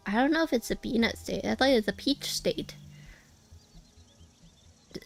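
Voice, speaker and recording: A woman's voice: a little high, gravelly, no echo. A young woman streaming a game, chatting casually and rambling with many restarts. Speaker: VTuber streamer.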